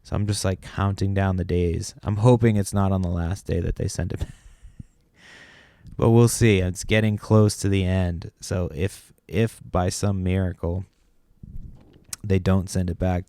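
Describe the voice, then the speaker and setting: A man with a lowish, smooth voice rambles through a story on his podcast, exasperated and loose with his swearing. The sound is close and dry, with no room around it. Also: mellow, no room sound. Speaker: podcast host. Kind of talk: casual solo podcast rant.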